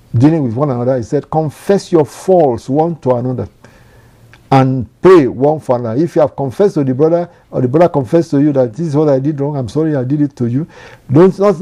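A man's voice: fairly high pitch, warm tone. A man preaching a sermon, earnest and repetitive, often quoting scripture.

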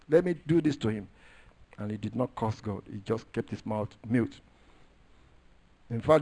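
A man's voice: mid-range voice, a little mellow. A man preaching a sermon, emphatic and repetitive, stressing key phrases as he works through scripture. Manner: repeats phrases while working through scripture.

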